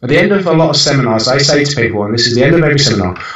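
A man's voice: medium pitch, animated, very fast, a bit bright. A man in his thirties talks bluntly and animatedly as a podcast guest, swearing casually and restarting his sentences. His voice sits back from the mic in an echoey room, and the recording sounds dull and lo-fi. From United Kingdom. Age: 30s. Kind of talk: casual interview chat. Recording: roomy, distant and dull-sounding.

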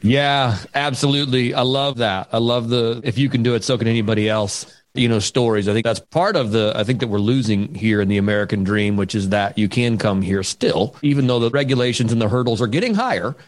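A man's voice: medium pitch, fairly quick, few pauses. A man hosting a podcast, asking interview questions in a friendly, enthusiastic way. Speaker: podcast host.

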